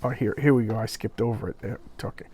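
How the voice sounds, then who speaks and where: A man reviewing a comic book in a casual video, speaking haltingly, often repeating words, and openly moved by the pages. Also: fairly low pitch, fairly even intonation, background noise.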